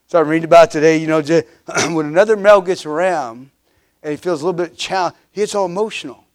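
A man in his fifties preaching a sermon, his voice sitting a little high for a man. He hammers on repeated refrains, climbing louder, then sinking low. He stumbles into restarts and uhs as he goes. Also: fast. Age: 50s. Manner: emphatic preaching with repeated refrains, swelling and dropping in volume; frequent restarts and filler uhs. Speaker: pastor.

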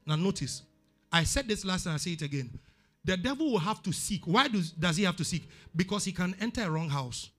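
Ghanaian pastor, high bright voice, emphatic repetitive preaching, soft music under. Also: male voice, animated, brisk. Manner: emphatic preaching, repeats words for stress. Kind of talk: sermon.

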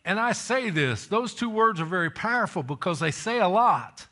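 Man, preacher, sermon, high voice, bright tone, emphatic, calls for amens. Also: sing-song, moderate pace. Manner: emphatic, calls for amens, reads scripture aloud.

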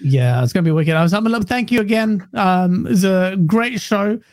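A man's voice: high voice, moderate pace, darkish tone, dry recording. A tired man chatting casually as a podcast guest, self-deprecating and chatty.

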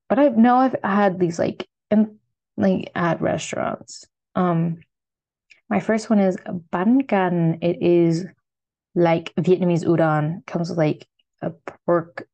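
A woman's voice: on the low side, mellow. Chatty young American woman, lots of "like". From United States. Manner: rambling, filler-heavy, upbeat. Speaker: food vlogger. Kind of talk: casual solo food chat.

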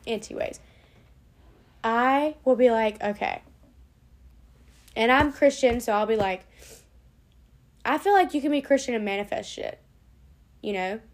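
A woman's voice: fairly high pitch, unhurried, long pauses. A young woman vlogging in a casual, rambling way, swearing now and then as she chats. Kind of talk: casual chat to camera.

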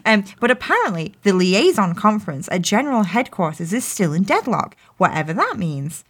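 A woman's voice: medium pitch, very animated, normal speed, slightly rough. A woman talks through a show recap in loose, casual podcast chat. She giggles often, swears freely and slips into the characters' lines. Her voice swings widely up and down as she talks. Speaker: podcast co-host recapping episodes.

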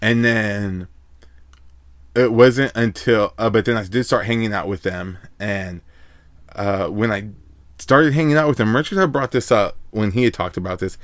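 A man with a lowish voice tells a personal story in a loose, rambling way, leaning on filler words as he goes. The sound is dry and close, with no room echo. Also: moderate pace. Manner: rambling, laid-back, heavy on filler words. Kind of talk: casual storytelling.

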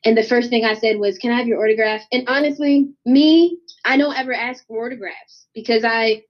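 A woman's voice: a little high, brisk. A young woman, a singer, telling a story in a casual interview, acting out the voices of the people in it. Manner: animated, acts out voices in her anecdotes. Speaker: guest artist. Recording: dull lo-fi sound.

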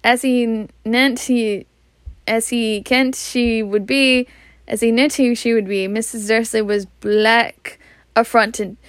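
A woman with a Scottish accent reading a storybook aloud, unhurried, now and then stumbling over words and laughing. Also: fairly high pitch, steady tone, dry recording, studio quality. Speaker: reader.

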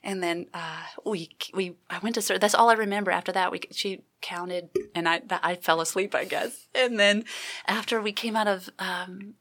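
A woman guest giving an earnest personal testimony in an interview, halting with many restarts. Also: mid-range voice, steady tone, a bit bright.

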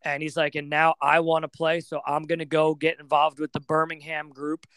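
Young man, American accent, smooth resonant voice, slightly high, dry sound, casual rambling storytelling. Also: normal speed, dry recording. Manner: relaxed, rambling, many fillers. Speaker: podcast guest, floorball player.

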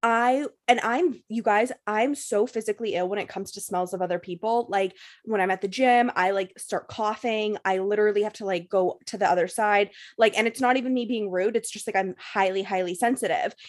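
In a casual chat, a young woman with a medium-pitched voice tells a story at a brisk clip. She swears freely and crams her breathless telling with "like" fillers.

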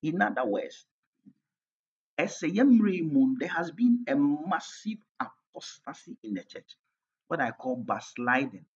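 A man's voice: on the high side, animated, a little slow, breathy edge. A man with a Ghanaian accent preaching a sermon as pastor, emphatic, switching between English and Twi with his volume rising and falling. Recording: dull lo-fi recording.

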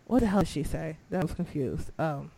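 A young woman co-hosting a casual wrestling chat, excitable and laughing, swinging from low mumbles to squeals. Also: a little fast, creaky, breathy edge. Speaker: podcast co-host.

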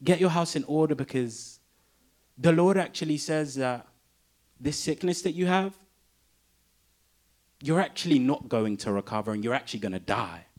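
A man voicing a hesitant, awkward male prophet who delivers bad news in a halting, apologetic way. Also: fairly high pitch, lively intonation, a little mellow, pitched below the performer's own voice, lightly acted. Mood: matter-of-fact.

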